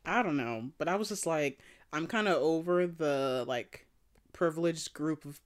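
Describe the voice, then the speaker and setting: A young adult woman co-hosting a casual chat, expressive, with her voice jumping up high when she quotes people. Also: unhurried.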